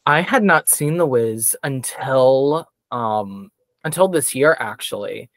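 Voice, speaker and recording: A man's voice: mid-range voice, animated, slow pace, fairly bright tone, no room sound. A man chatting casually as a podcast guest, enthusiastic and rambling with fillers. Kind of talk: casual chat.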